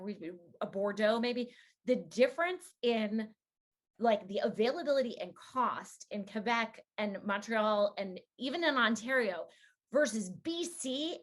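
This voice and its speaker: A woman hosting a wine conversation, chatty and quick to act out what people said. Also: a little high. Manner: chatty, quoting people in lively asides. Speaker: wine podcast host. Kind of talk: casual chat.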